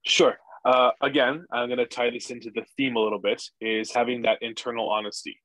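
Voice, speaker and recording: A man talking as a podcast guest, energetic and profane, acting out inner voices as he explains. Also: mid-range voice, a little fast, no room sound, rough recording. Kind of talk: casual interview chat.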